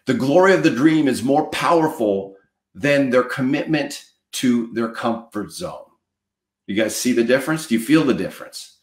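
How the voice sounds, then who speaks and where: A man's voice: mid-range voice, animated, moderate pace, reverberant. A man giving a motivational talk as a coach, emphatic and preachy, repeating lines for effect. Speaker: mortgage marketing coach.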